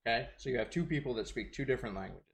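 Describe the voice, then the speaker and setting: A man's voice: mid-range voice, racing, vocal fry. A man co-hosting a gaming podcast while streaming, teasing his friend and patiently explaining in casual chat.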